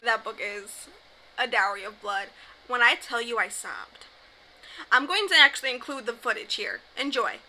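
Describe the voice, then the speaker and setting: Bright-voiced, gushing young woman book vlogger. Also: fairly high pitch, animated, normal speed, slight background noise, poor audio. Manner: gushing, emphatic, playful. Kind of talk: casual chat to camera.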